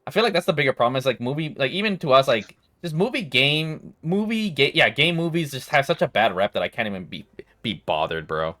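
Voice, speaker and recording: A young man hosting a casual podcast chat, swearing freely and ranting with big swings in pitch. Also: expressive, a little fast, sharp tone. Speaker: podcast host.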